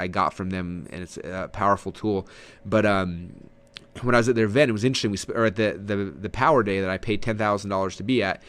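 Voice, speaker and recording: A man giving a casual webinar lesson on marketing, talking with lots of energy and letting his voice swing high and low for emphasis, with frequent fillers and restarts. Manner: energetic, fast, swooping pitch for emphasis. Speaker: marketing trainer.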